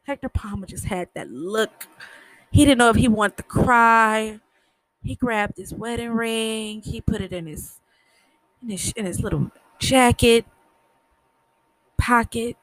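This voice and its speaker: A woman's voice: fairly high pitch, measured pace, pauses often, a bit bright, no echo. A woman casually recapping a TV episode, talking bluntly, swearing freely and tripping over her words. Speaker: show recapper.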